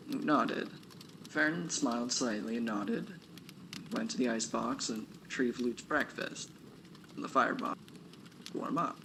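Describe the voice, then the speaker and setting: A man's voice: medium pitch, unhurried, long pauses. A man reading his own novel aloud on a stream, chuckling at his own writing and stopping to comment on it. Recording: noisy background hiss.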